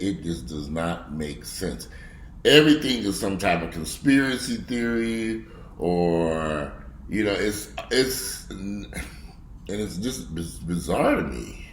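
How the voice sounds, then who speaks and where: A man in a profane, angry rant. He curses bluntly and mocks people, swinging between low grumbling and loud outbursts. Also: a little hiss or hum. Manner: blunt, heavy cursing, mocking. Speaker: video blogger. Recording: echoey room.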